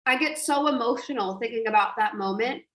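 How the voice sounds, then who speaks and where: A woman coach telling an animated story on a live stream, acting out quotes and laughing often. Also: a little high, a little fast, reverberant. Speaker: online business coach.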